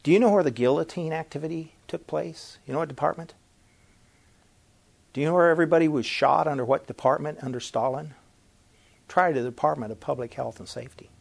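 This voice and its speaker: A man's voice: a little high, brisk, gravelly, breathy edge. Emphatic man preaching with rhetorical questions. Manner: repeats and restarts phrases. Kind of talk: sermon-style teaching talk.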